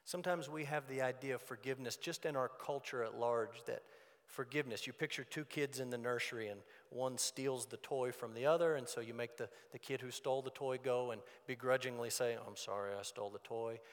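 A man's voice: mid-range voice, fairly even intonation, brisk. Pastor guy preaching, talky and earnest, mid voice, big hall echo. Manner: earnest, conversational preaching with acted quotes. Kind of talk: sermon. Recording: long church hall reverb.

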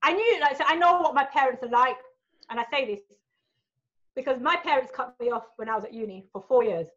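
A woman speaks candidly as a guest on a podcast, frank and sweary, often asking "right?" as she goes. Her voice sits fairly high. The audio is a little dull. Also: a little fast, a bit bright. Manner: frank, sweary, laughs often, fillers like right and you know. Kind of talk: candid storytelling in a podcast chat.

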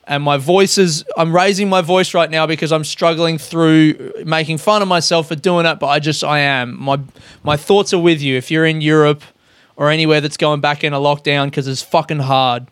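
A man's voice: a little high, fairly even intonation, moderate pace, a bit bright, clean tone, no echo. An Australian man talking in a loose, rambling solo monologue as a podcast host, swearing often and poking fun at himself. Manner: sweary, rambling, self-mocking.

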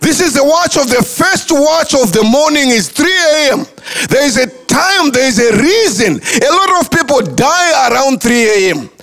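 A male pastor delivers an impassioned sermon in a very high voice with a gravelly edge. His phrases rise and fall in a sing-song preaching cadence, and he often repeats words as he drives a point home. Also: big pitch swings, moderate pace, a bit bright. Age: adult, married.

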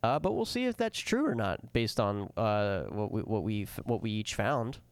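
A young man co-hosting a podcast, laying out the plan and slipping in deadpan jokes. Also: fairly low pitch, normal speed, clear, resonant tone, no room sound. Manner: dry, explanatory, deadpan jokes. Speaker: podcast co-host. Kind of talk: casual chat.

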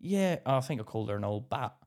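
A man's voice: medium pitch, fast talker. Laughing man telling a story. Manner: animated storytelling, acting out quotes, laughs often. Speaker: podcast co-host. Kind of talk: casual chat.

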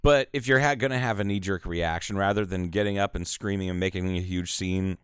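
A man in casual chat, telling bar stories with lots of swearing and animated quotes. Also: deep voice, fairly quick, clear, resonant tone, no room sound. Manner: swearing storyteller, animated quoting.

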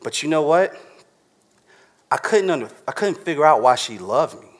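A man's voice: fairly high pitch, lively intonation, moderate pace. Man preaching in casual slang. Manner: casual street slang, conversational, keeps checking in with the listeners. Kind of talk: sermon.

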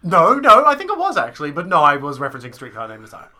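A man's voice: a little high, huge pitch swings, fast, pushed and bright. A young man co-hosting a podcast in casual chat, teasing his friend with dry quips. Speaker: podcast co-host.

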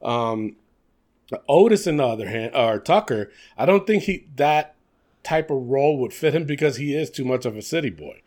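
A man's voice: mid-range voice, expressive, normal speed, a little mellow. A young man co-hosting a podcast, chatting casually and animatedly, laughing often and talking in fillers. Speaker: podcast co-host. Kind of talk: casual wrestling chat.

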